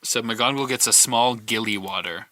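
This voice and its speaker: A man's voice: on the low side, moderate pace, sharp tone. A man co-hosting a podcast in casual chat, rambling and piling up questions. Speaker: podcast co-host.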